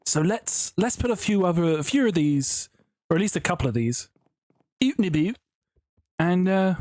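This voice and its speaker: This Minecraft building YouTuber has a high, slightly mellow voice and speaks animatedly at a moderate pace, with long pauses and no echo. Building at home, he casually rambles through stories and giggles often.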